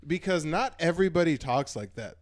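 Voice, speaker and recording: A man's voice: on the high side, expressive, fairly quick, crowd noise. A young man co-hosting a podcast, ranting and swearing in casual chat. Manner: brash, swears a lot, rants. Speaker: podcast co-host.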